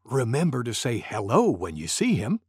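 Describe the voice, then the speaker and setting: A man reading a storybook aloud to preschool children, slow, animated and gentle. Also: medium pitch.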